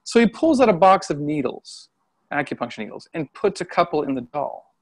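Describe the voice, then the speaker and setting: Lively storytelling man, slightly high voice. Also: a little fast. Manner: animated, acts out voices when quoting people, laughs often. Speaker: Chinese medicine practitioner and qigong healer, interview guest. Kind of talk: casual storytelling in conversation. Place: at home.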